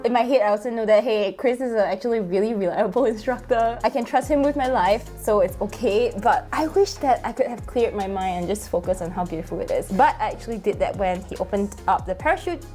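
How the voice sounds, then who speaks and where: A young woman vlogger talking excitedly over her own video, full of exclamations and fillers, with faint music behind her. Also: medium pitch, brisk, few pauses. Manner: gushing, exclamatory, many fillers.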